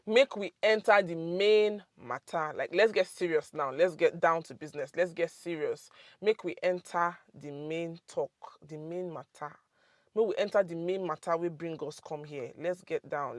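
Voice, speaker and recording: A woman's voice: fairly low pitch, no echo, studio quality. A young woman with a Nigerian accent hosts a casual language lesson, repeating phrases and laughing often. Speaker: language teacher, channel host.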